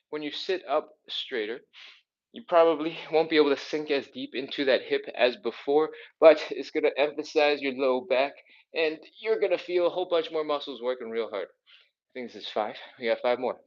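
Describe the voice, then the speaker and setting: This male stretching instructor has a fairly bright, higher-pitched voice, and the audio has its highs cut off. Leading a live follow-along workout, he's encouraging and upbeat, counting reps and slightly breathless as he moves.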